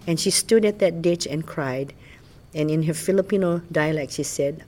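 A woman's voice: sits low, moderate pace. An older woman from Hawaii, fondly telling stories of her childhood in an oral history interview. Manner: fond, animated storytelling.

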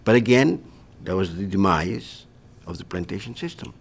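A man's voice: sits low, animated, normal speed, vocal fry, slightly rough. An older man from Hawaii, reminiscing in an oral history interview and tagging his points with "see". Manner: reflective storytelling, tags sentences with "see".

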